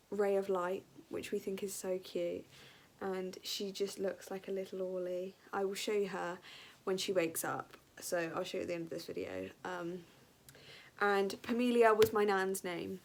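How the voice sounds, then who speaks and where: A woman's voice: medium pitch, a little slow. A woman in her late teens, a new mother vlogging from her bedroom at home, tired and short of breath, chatty and apologetic with many ums. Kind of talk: casual vlog chat.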